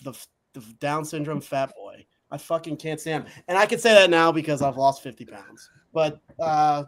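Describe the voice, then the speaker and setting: A man's voice: a little high, moderate pace. A man co-hosting a sports talk show, talking in a crude, blunt, mocking way. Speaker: podcast co-host.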